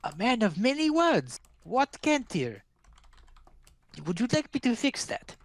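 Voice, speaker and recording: A man's voice: very high voice, huge pitch swings, measured pace, voice pushed up, full character voice. A man voicing a crackly old crone seer. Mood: teasing. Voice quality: crackly, exaggerated emphasis on words. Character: old cackling crone fortune-teller, mysterious.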